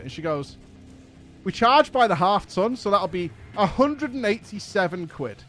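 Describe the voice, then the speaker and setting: A man's voice: high-pitched, animated, normal speed, a bit bright. An English man telling a casual story as a streamer host, exasperated and swearing as he acts out each exchange. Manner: exasperated, profane anecdote with acted-out dialogue.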